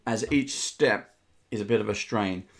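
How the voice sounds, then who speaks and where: A man narrating a tabletop game as game master, descriptive and unhurried with frequent ums. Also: on the low side, gravelly, fairly bright tone, slight background noise.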